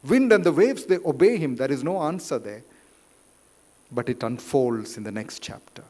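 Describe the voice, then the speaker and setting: A man preaching a sermon in a church, rising loud for quotes and dropping quiet. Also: mid-range voice, lively intonation. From India. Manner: slow, deliberate, rises loud for quotes then drops quiet. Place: church hall. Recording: reverberant church hall.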